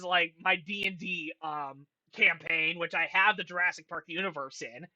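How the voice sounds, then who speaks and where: Exasperated profane ranting man, bright voice. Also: on the high side, normal speed, dull audio. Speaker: vlogger ranking a film franchise. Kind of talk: casual ranting commentary.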